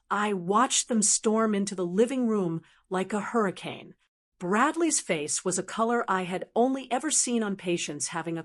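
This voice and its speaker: A woman narrating a first-person drama story in a calm, dry, measured way. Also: medium pitch.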